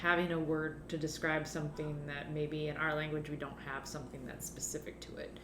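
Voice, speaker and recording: A woman's voice: deep voice, flat delivery, brisk. A woman chats casually as a podcast co-host, loose and profane. Her voice carries a roomy echo, and there is a faint hiss behind her. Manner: chatty, swearing, laughing easily. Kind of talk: casual chat.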